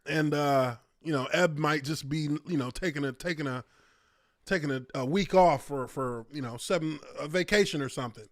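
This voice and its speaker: A man's voice: fairly high pitch, normal speed, no echo, studio quality. A man hosting a podcast, telling a story in casual chat with lots of swearing. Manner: profane, animated storytelling. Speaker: podcast host.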